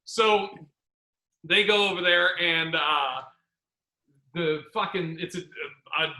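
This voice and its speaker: A man with a high, very bright voice tells comedy road stories in casual podcast chat. He rambles with restarts and acts out the people he quotes. The room around him is roomy and echoey. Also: slow. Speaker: podcast host. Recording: roomy echo.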